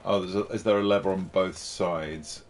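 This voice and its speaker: A man's voice: deep voice, fairly even intonation, moderate pace. A man streaming a game, chatting casually in a playful, jokey, rambling way. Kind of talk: casual gameplay chat.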